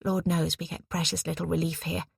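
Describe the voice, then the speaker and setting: A woman voicing a reserved, tired young war artist, speaking softly and gently. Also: lowish voice, level tone, fairly quick, creaky, slightly rough, no room sound, studio quality, full character voice. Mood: gentle.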